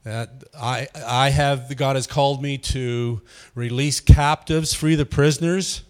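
A man's voice: medium pitch, fairly even intonation, slow pace, clean tone. A man giving an informal teaching sermon, asking the room questions and chuckling often. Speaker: pastor leading a Bible study.

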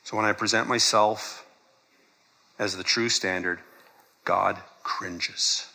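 A man's voice: fairly low pitch, steady tone, slow pace, creaky, pushed and bright. A man preaching a sermon in a conversational way, laughing often and acting out quoted lines. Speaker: pastor.

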